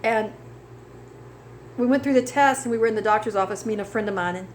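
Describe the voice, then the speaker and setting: A woman's voice: medium pitch, fast, a little hiss or hum, rough recording. A woman giving an earnest personal testimony of faith and healing, building into preaching with scripture cadences. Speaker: cancer survivor giving testimony.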